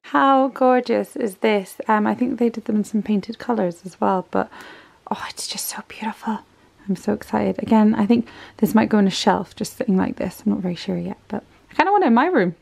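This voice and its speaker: A young woman from the UK chatting warmly about parcels in a casual home vlog, gushing over each item. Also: medium pitch, lively intonation, fast talker, creaky. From United Kingdom. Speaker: parenting vlogger. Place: home, indoors.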